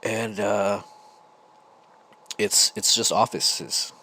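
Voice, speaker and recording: A man's voice: lowish voice, steady tone, extremely slow, sharp tone, slight background noise. An American man hosting a podcast, telling a casual, rambling story full of restarts. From United States. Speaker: podcast host.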